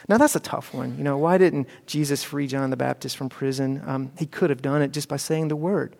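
Gravelly man teaching a Bible class. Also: mid-range voice, steady tone, fairly quick, few pauses, darkish tone. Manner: conversational, explaining, thinking aloud. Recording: echoey hall.

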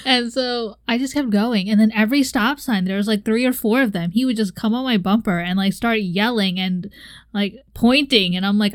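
A woman's voice: mid-range voice, normal speed, no echo. A young woman co-hosting a casual chat, telling a story animatedly and acting out her own reactions with laughs. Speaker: podcast co-host.

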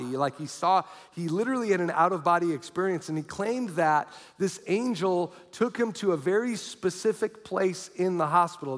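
Pastor with a lively, reverberant delivery. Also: male voice, on the high side. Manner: animated storyteller acting out quotes. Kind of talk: sermon storytelling. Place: church hall. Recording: long hall reverb.

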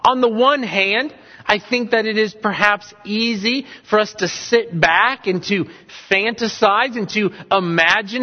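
Man, pastor, earnest sermon, slow delivery, reverberant hall, muffled lo-fi recording. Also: high-pitched. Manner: earnest, repeats questions for emphasis. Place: church sanctuary. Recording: dull sound with long hall reverb.

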